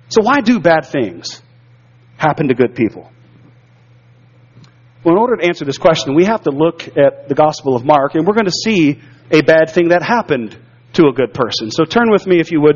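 Male pastor, higher register, earnest testimony-style preaching, dull lo-fi recording. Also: in a large hall. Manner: earnest storytelling, repeats words when stirred. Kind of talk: sermon with personal testimony. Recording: dull lo-fi sound.

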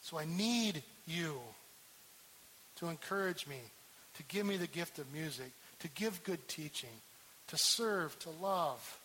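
A man's voice: a little high, unhurried, pushed and bright, slight background noise, low-quality recording. A man preaching a sermon as pastor, emphatic and repeating key words for stress.

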